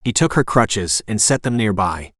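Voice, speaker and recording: A man narrating a romance audiobook in a calm, even reading voice, giving the characters' dialogue a gentle touch. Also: on the low side, moderate pace, no echo, studio quality.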